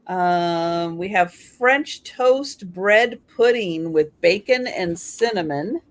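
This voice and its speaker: A woman's voice: lowish voice, expressive, slow pace. A woman hosting a casual live-stream chat, reading items aloud with chatty asides. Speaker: host.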